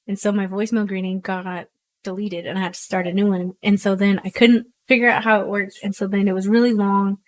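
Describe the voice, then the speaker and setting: A woman's voice: medium pitch, flat delivery, brisk, a little hiss or hum. A woman doing casual live commentary on a pool match, chatty and self-mocking, laughing often.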